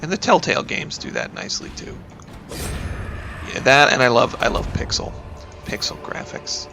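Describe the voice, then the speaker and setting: Over music, a gravelly, medium-pitched voice with lively intonation moves at a moderate pace. It belongs to a thirtysomething gaming YouTuber and teacher, sniffling from a cold, who rambles through casual let's play commentary and speaks to his characters as he plays.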